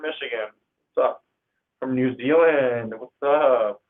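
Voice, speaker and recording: A man's voice: medium pitch, slow. A young man from Northern California hosting a casual livestream, reading out viewer comments in an upbeat, slangy way. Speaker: livestream host. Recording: tinny phone-like audio.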